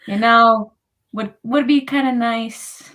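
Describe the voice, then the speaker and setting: A woman's voice: a little high, steady tone, takes it slowly, a bit bright. A woman co-hosting a casual livestream chat, making dry, teasing remarks. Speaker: co-host.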